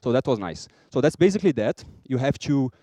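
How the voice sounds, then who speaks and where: A man with a Brazilian accent giving a lively conference talk, acting out small scenes and joking with the audience. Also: mid-range voice, a little fast, no echo. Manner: lively, acts out little scenes and jokes with the audience. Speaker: conference speaker.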